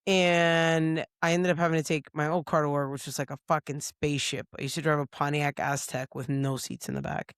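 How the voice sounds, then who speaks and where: A woman co-hosting a podcast, telling a casual story with lots of swearing and quick impressions of other people's voices. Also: low voice, clean tone, no echo, studio quality. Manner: profane, lively, acts out others' lines. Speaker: podcast co-host. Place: podcast studio.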